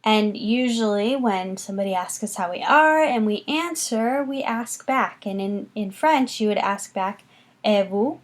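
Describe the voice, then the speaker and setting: Woman teacher going real slow over french greetings, repeats everything, mid pitch. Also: expressive. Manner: patient, slow, repeats words for students to copy. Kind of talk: recorded classroom lesson.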